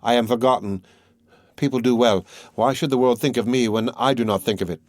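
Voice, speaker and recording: A man reading the part of a bitter, grief-crazed old female recluse in a slow, trembling, anguished voice. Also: medium pitch, fairly even intonation, no room sound, studio quality, close to an everyday voice.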